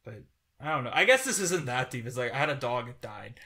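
A young man in his twenties co-hosting a podcast, rambling in a halting way with many restarts and getting teary as he talks. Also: medium pitch, very animated, pushed and bright. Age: 20s. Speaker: podcast co-host. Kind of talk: casual podcast chat.

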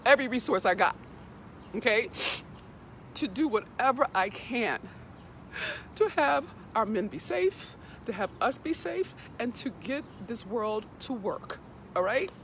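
A woman's voice: a little high, expressive, measured pace, fairly bright tone, slight background noise. An emotional woman hosting a casual talk while outdoors on a morning walk, earnest and heartfelt, repeating words as she collects herself, speaking into a handheld phone. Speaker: host. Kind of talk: casual direct-to-camera talk.

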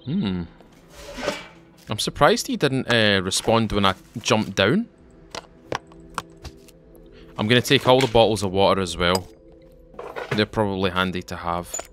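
Over music, a man with a lowish, expressive voice hosts a let's play at a moderate pace. This gaming channel host sounds tired, yet he stays chatty and jokey, even answering back to the enemies in the game.

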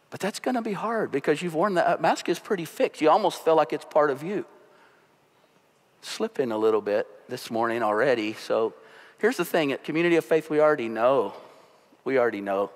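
A man preaching a sermon as pastor, telling stories with animated delivery. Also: mid-range voice, moderate pace, long pauses. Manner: storytelling, animated. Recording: long hall reverb.

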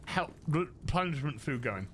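A man's voice: a little high, animated, unhurried, a little hiss or hum. A man giving casual let's-play commentary as a gaming host, muttering to himself and swearing now and then.

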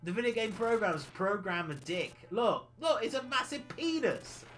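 A man's voice: high-pitched, sing-song, normal speed, a bit bright, slight background noise. A man streaming a retro game, rambling cheekily and laughing often. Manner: giggly, rambling, cheeky banter with frequent laughs. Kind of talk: casual livestream chat while playing.

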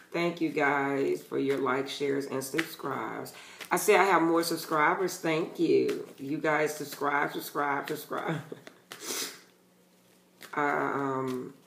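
Man, tarot reader, casual vlog, blunt, emphatic, swears, gravelly voice, echoey room. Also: a little high, fairly even intonation, slow, fairly bright tone, slight background noise.

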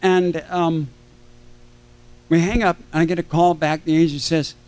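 An older man telling animated stories to a convention audience, acting out the voices of people he quotes. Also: fairly high pitch, a little slow. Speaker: convention panel guest. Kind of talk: storytelling to a live audience. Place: convention stage.

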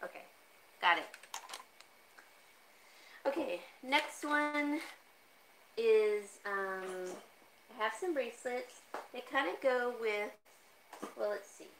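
A woman's voice: lively intonation, slow pace, gravelly, pauses often, fairly bright tone, a little hiss or hum, rough recording. A woman hosting a casual live jewelry sale from home, chatty and easily sidetracked, laughing often and cooing at her cat. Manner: talks to her cat in a high coaxing voice. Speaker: online jewelry seller. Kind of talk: casual live-stream sales chat.

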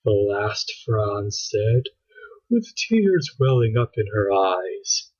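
Husky man reading a storybook. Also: fairly low pitch, takes it slowly, lo-fi sound. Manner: expressive, storytelling delivery. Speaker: storybook reader. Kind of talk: reading a children's book aloud.

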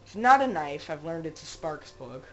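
A woman's voice: low-pitched, very animated, moderate pace, fairly bright tone, faint music behind, poor audio. A woman giving casual let's-play commentary, rambling and joking as she talks to her game characters. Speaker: gamer playing a zombie survival game.

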